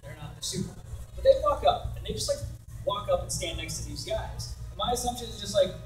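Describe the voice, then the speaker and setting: A man's voice: high-pitched, a little fast. A young man telling stories on a convention panel, acting out quotes and laughing often. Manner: animated storyteller, acts out quotes, laughs often. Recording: roomy far-off hall recording with noise.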